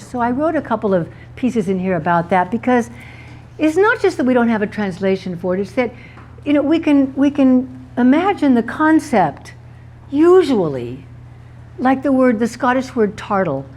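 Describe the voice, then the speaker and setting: A woman author giving a talk to a live audience about words, playful and laughing at her own wordplay. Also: a little high.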